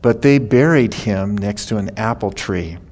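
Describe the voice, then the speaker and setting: A man's voice: on the low side, measured pace, a little mellow. An older man preaching a sermon, telling stories in a folksy, chatty way. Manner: folksy storytelling, laughing at his own stories. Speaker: pastor.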